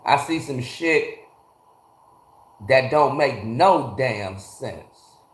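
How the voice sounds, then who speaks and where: A man's voice: medium pitch, expressive, extremely slow. Profane, ranting man in an echoey garage. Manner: blunt, profane ranting, greeting chatters by name. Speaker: livestream host. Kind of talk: casual livestream chat with viewers.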